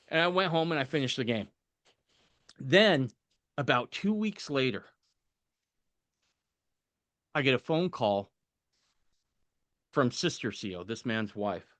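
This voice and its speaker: A man's voice: mid-range voice, expressive, normal speed, a bit bright, dry recording. A man guest on a podcast telling a personal story, animatedly acting out the voices of people he quotes and chuckling at the funny parts.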